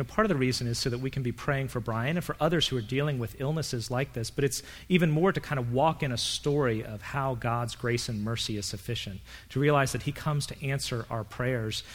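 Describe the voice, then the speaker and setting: A man leading a church service as pastor, speaking gently and pastorally. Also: mid-range voice. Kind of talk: sermon. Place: church sanctuary. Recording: long reverb of a large hall.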